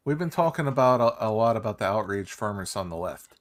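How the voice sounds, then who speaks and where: A man's voice: on the low side, animated, quick pace. A man hosting a casual panel chat on a stream, steering the talk to new topics.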